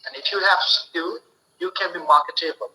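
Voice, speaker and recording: A man giving a spoken English lesson, explaining slowly and deliberately, often repeating and restarting his phrases. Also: on the high side, bright, forceful tone, poor audio. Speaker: English teacher.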